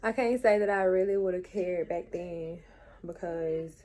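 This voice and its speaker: A woman vlogger telling a heartfelt personal story straight to her viewers, speaking earnestly and warmly addressing them as a group. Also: fairly low pitch, measured pace. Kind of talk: emotional storytime monologue. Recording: steady background noise.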